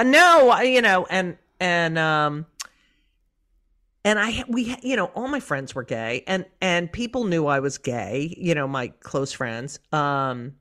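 A middle-aged woman comedian, guest on a casual podcast, telling stories in an animated, profane way. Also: low voice.

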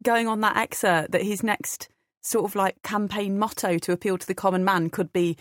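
A woman's voice: mid-range voice, fairly even intonation, normal speed. A woman from Britain, a guest on a comedy panel, wry and amused.

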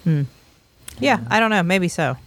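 A woman co-hosting a sibling podcast with a lowish voice and a dry, close-miked sound. She rambles, hedges and drops wry asides. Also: expressive, unhurried, gravelly, no echo. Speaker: podcast host. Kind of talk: casual chat among siblings.

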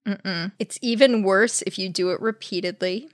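A woman's voice: medium pitch, normal speed, dry recording, clean studio sound. A woman co-hosting a podcast, wry and playful in casual chat. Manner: wry, playful, laughs easily. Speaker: podcast co-host.

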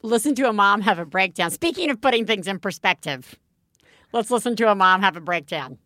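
A woman's voice: medium pitch, lively intonation, brisk, sharp tone, dry recording, studio quality. A woman co-hosting a parenting podcast, talking in a chatty, upbeat way full of fillers. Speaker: podcast co-host. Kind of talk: casual chat.

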